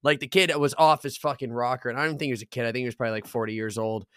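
A man's voice: medium pitch, fairly even intonation, rapid-fire, fairly bright tone, clean tone, dry recording, clean studio sound. A young man on a podcast, telling a story in casual chat, swearing a lot and acting out the lines of the people in it. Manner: swears a lot, laughing storyteller, acts out quotes. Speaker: podcast co-host.

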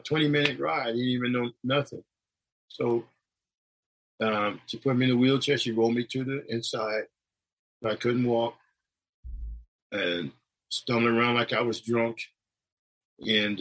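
A man recounts a near-death experience as casual spoken testimony, rambling conversationally with restarts and acting out the voices of the people involved. His voice is medium-pitched and a bit bright, on a rough recording.

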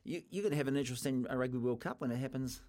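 A man's voice: mid-range voice, rapid-fire, mellow. A man with a New Zealand accent co-hosting sports radio, chatty and teasing, talking straight to the listeners. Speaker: radio co-host. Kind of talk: casual sports radio banter.

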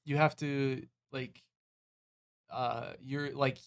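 A young man in his twenties talks through a casual podcast chat at an ordinary pitch. He rambles, trails off and fills gaps with "like" and "um". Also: little pitch movement, very slow, vocal fry. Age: 20s. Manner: rambling, full of "like" and hedges. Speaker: podcast co-host.

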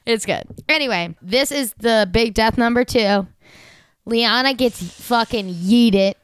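Gushing young woman with a smooth voice. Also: on the high side, slow pace, no room sound. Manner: gushing, animated, lots of "like" fillers. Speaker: podcast co-host. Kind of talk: casual recap chat.

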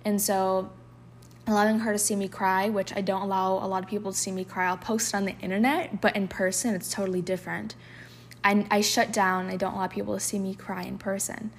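Speaking briskly in a level, mid-range voice, a podcast host shares an emotional, confessional personal story peppered with "like," now and then reading poems aloud or sinking to a whisper. A little hiss or hum runs through the audio.

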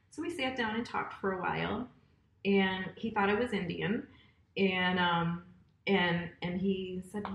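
A woman's voice: mid-range voice, moderate pace. A middle-aged woman telling personal stories in a casual chat. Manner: storytelling, chatty with laughs. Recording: echoey room.

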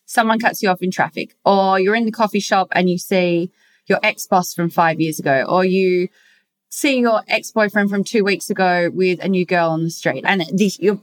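A woman's voice: fairly low pitch, steady tone, normal speed. Playful woman podcast host. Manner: playful, casual swearing. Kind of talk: casual interview chat.

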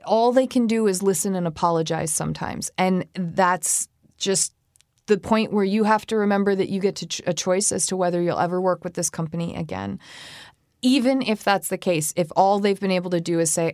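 A woman's voice: fairly low pitch, fairly quick, darkish tone, dry recording, clean studio sound. A woman co-hosting a casual advice chat, telling personal stories and acting out quotes as she goes. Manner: conversational, tells personal anecdotes with acted-out quotes. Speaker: co-host.

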